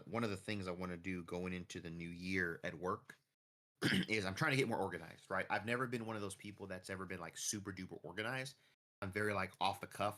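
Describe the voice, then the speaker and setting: A man's voice: low voice, sharp tone. A man chatting casually and rambling off the cuff while streaming a farming game. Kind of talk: casual chat while gaming.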